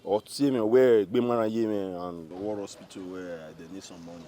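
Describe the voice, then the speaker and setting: An actor playing a harried young man with a Nigerian accent, a boyfriend short of cash who stammers and breaks into shouting. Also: fairly low pitch, little pitch movement, a little fast, slight background noise, natural voice. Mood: weary. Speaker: boyfriend pressed for money.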